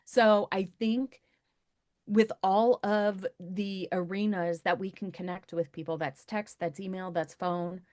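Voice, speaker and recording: A woman's voice: medium pitch, fairly even intonation, unhurried, a little mellow, no echo. A woman in her fifties, a podcast guest talking in an emphatic, conversational way and repeating key points for weight. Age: 50s. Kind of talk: conversational interview.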